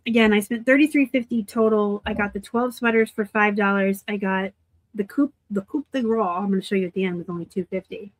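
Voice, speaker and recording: A chatty woman hosting a live thrift unboxing, talking through her finds in a relaxed, joking way. Her voice sits at an ordinary middle pitch and the sound is dry and close, with no room around it. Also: a little fast, dry recording. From Arizona. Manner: chatty, laughs easily, self-deprecating asides. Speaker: reseller host. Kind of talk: casual live unboxing chat.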